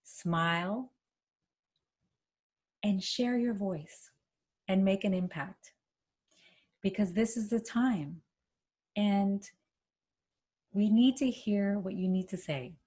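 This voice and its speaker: Woman workshop presenter, slow unhurried pace, encouraging, demonstrates hums and chants. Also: mid-range voice, a little mellow, husky. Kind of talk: instructional workshop talk. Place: home, speaking to camera.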